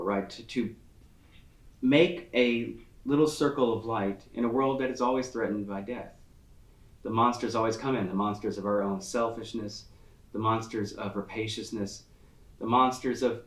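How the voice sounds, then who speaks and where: A man giving an online literature lecture, explaining in a thoughtful, searching way with frequent pauses, heard over a video call. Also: medium pitch. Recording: echoey room, distant from the mic.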